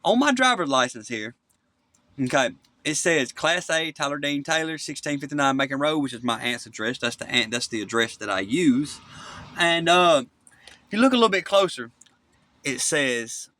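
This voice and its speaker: A man's voice: a little high, expressive, moderate pace, sharp tone. Angry man ranting to his phone camera. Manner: agitated, profane, repeats "okay?" constantly. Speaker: self-recording vlogger. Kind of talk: angry rambling monologue to camera. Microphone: phone front camera.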